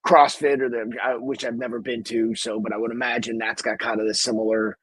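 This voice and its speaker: A man's voice: medium pitch, flat delivery, a little fast, a bit bright, breathy edge, no echo, low-quality recording. A man hosting a podcast, talking in a rambling, profane, casual way. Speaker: podcast host.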